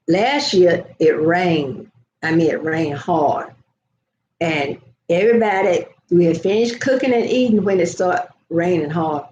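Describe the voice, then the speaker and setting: A woman's voice: fairly low pitch, a little mellow. An older woman hosting a casual vlog, telling a meandering story and talking straight to her live viewers. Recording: dull lo-fi sound with faint noise.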